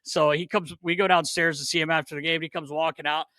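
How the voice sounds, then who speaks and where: A man tells stories with a bright, forceful edge, laughing through his punchlines and cursing freely. His voice sits a little high for a man. The sound is close and dry. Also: fast, no room sound. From Philadelphia. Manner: animated, laughs often, swears. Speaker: podcast co-host, former player. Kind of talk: casual storytelling chat.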